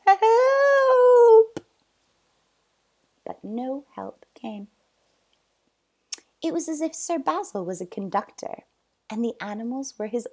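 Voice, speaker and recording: Woman reading a storybook aloud, slow and lively. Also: fairly high pitch, breathy edge. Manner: expressive read-aloud with loud sound effects.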